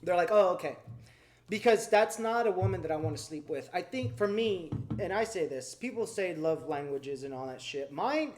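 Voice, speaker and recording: A man's voice: high-pitched, animated, moderate pace, few pauses, a little mellow. A man in his twenties hosting a podcast, telling blunt, profane stories in casual chat. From Mexican heritage, US. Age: 20s. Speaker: podcast host.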